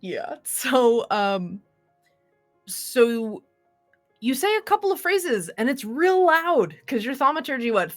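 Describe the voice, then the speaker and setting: A woman's voice: sits high, sing-song, takes it slowly, faint music behind. A woman narrating a tabletop game as game master, rambling with many fillers and restarts.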